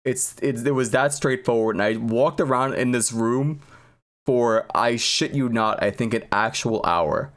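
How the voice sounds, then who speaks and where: A man's voice: mid-range voice, measured pace, fairly bright tone. A man streaming, chatting casually and profanely, rambling and laughing at himself.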